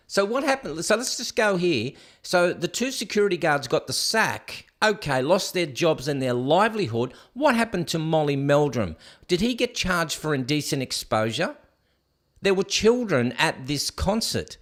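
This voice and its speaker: A man's voice: a little high, big pitch swings, moderate pace, fairly bright tone. A man hosting a solo commentary show, reading news items aloud and mocking them in a sarcastic, ranting way. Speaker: host.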